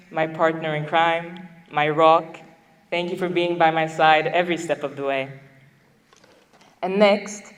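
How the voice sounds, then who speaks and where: A woman's voice: lowish voice, big-room sound. A young woman, a graduating student, delivering a prepared graduation speech, heartfelt and a little emotional, with light laughs between her thanks. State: getting emotional.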